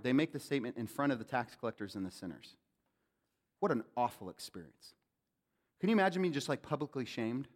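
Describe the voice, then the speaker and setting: A man preaching a sermon as a pastor, animated and calling out questions to the congregation. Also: mid-range voice. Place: church sanctuary. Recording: long hall reverb.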